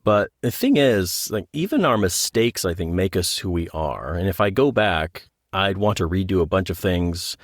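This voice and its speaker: A man's voice: sits low, lively intonation, moderate pace, few pauses, no room sound, clean studio sound. A man being interviewed about his work as an audiobook narrator and author, talking in a casual, joking, self-deprecating way.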